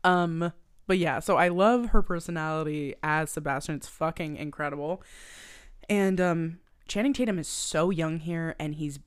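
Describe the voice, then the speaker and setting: A woman's voice: low voice, moderate pace, smooth. A young adult woman co-hosting a podcast, recapping a movie in casual chat, swearing freely and acting out the characters' lines. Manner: animated, profane, acts out characters' lines. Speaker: podcast co-host.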